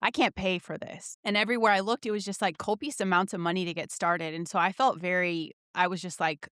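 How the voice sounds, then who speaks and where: Outspoken woman guest, swears a lot, smooth clear voice, dry close sound. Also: on the low side, brisk, no echo. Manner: outspoken, swears freely, animated storytelling. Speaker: podcast guest. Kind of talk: candid conversational interview.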